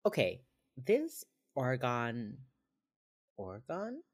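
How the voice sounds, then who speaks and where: A man's voice: mid-range voice, wildly swooping pitch, slow pace. Man casually recapping an episode. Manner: laid-back, chuckling episode recap. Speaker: podcast co-host. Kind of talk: casual chat.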